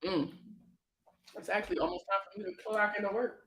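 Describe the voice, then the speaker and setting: Woman livestream host, animated slangy storyteller, sharp bright tone, echoey room. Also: mid-range voice, brisk, a little hiss or hum. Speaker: financial educator hosting a livestream. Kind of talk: casual livestream chat.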